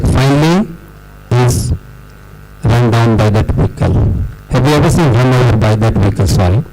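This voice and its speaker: A middle-aged man with an Indian accent giving a formal closing speech at a school debate event, lecturing with emphatic pauses and stresses. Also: mid-range voice, warm tone, faint music behind, low-quality recording. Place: school hall.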